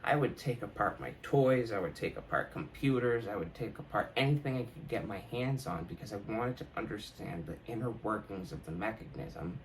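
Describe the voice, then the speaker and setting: A young podcast host delivers a casual, reflective monologue in a fairly low, animated voice, speaking at normal speed with few pauses. He swears freely and laughs often. Slight background noise and poor audio mark the clip.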